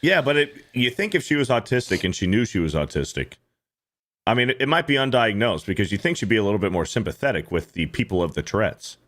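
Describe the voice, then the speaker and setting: Man, co-host reading super chats, swearing and mocking, lively up-and-down voice. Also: fairly low pitch, quick pace. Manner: profane, mocking, reads donor messages aloud. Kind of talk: casual livestream chat.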